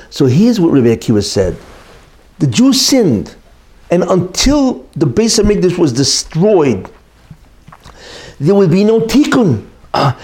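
Animated man teaching with rhetorical questions. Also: a little high. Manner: emphatic, asks rhetorical questions and answers them; repeats key points for emphasis. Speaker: religious teacher. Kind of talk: expository Torah lesson.

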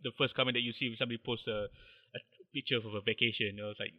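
A man's voice: mid-range voice, steady tone, racing, dry recording. A man from Malaysia, a podcast guest chatting casually and explaining slang with lots of fillers. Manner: chatty, many "like" fillers, laughs easily. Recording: dull lo-fi podcast mic.

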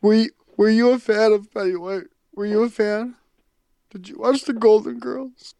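A podcast host in an improvised comedy role-play, wailing and mock-sobbing melodramatically, with halting, stammering restarts. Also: mid-range voice, steady tone, vocal fry, mellow, no echo.

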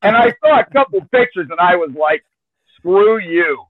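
A man's voice: sits high, lively intonation, fast, no echo, narrow, tinny audio. A man chatting casually as a guest, drawling and hesitant with frequent fillers. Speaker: guest, chinchilla breeder. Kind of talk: casual chat.

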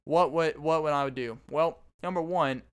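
A man's voice: a little high, unhurried, smooth. A man in his twenties hosting a podcast, telling stories in a rambling, self-interrupting casual monologue. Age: 20s. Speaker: podcast host.

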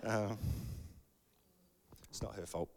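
A man preaching a sermon in a conversational, animated way, acting out bits of dialogue. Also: on the low side, slow pace, gravelly. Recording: long hall reverb.

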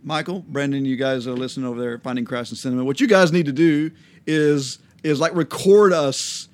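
A middle-aged man co-hosting a podcast in easy, joking banter. His voice sits at an ordinary pitch for a man, and he often breaks into laughter while he talks. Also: a little fast, darkish tone, no room sound. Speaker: podcast co-host. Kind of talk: casual chat.

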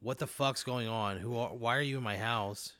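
A man's voice: medium pitch, moderate pace, pushed and bright, no echo. Exasperated man, dry close sound. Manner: exasperated, incredulous, swearing. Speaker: podcast co-host. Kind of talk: improvised comedy banter.

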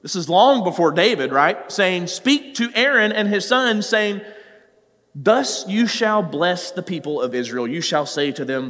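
A man's voice: high voice, expressive, measured pace, a bit bright. A man preaching a sermon as a pastor, earnest and talking straight to his listeners, rising at times to pleading cries. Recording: long hall reverb.

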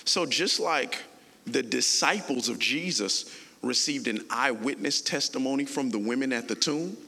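A male pastor preaching a sermon in a playful, conversational, animated manner. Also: on the high side, gravelly, long reverb tail.

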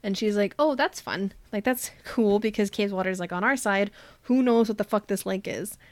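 A woman's voice: mid-range voice, steady tone, brisk, a little mellow, dry recording. A young woman casually retelling a novel's plot, laughing often and peppering her talk with "like". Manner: chatty, laughing, heavy use of "like", acts out characters' lines loosely. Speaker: podcast host retelling a book. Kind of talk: casual book recap chat.

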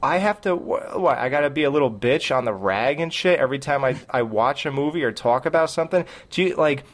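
A man's voice: medium pitch, animated, fairly quick. A man co-hosting a podcast, ranting in a profane, sarcastic way in casual chat. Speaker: podcast co-host.

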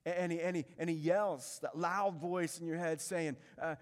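A man preaches as pastor in a church sanctuary at a moderate pace, his slightly high voice steady in tone and barely pausing. He presses his points emphatically, repeating key phrases and asking the congregation rhetorical questions. The recording has a large hall's long reverb.

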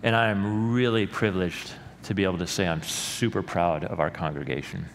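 A man's voice: low voice, brisk, creaky. Man preaching in a reverberant sanctuary. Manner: earnest preaching with sudden loud emphatic rises. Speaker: pastor. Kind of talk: sermon. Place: church sanctuary. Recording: long hall reverb with faint room noise.

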